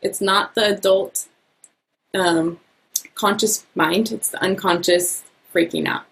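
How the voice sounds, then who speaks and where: A woman talking as a podcast guest, upbeat and animated, laughing often. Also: mid-range voice, takes it slowly, vocal fry, poor audio. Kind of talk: casual podcast conversation.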